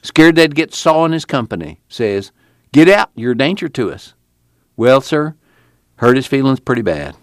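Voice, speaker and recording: A man voicing an earnest, excitable former preacher with a rural drawl. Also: medium pitch, normal speed, no room sound, clean studio sound, voice pushed up. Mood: impassioned. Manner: rural Dust Bowl drawl, impassioned.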